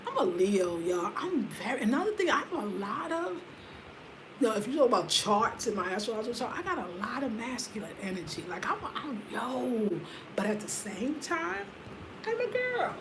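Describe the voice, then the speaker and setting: A woman in her fifties talks straight to her viewers in a loose, slangy chat, full of energy. Her voice sits a little high, and she swings between loud, laughing bursts and quiet, low asides. A faint hiss hangs under the recording. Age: 50s. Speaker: vlogger. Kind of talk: casual chat to camera.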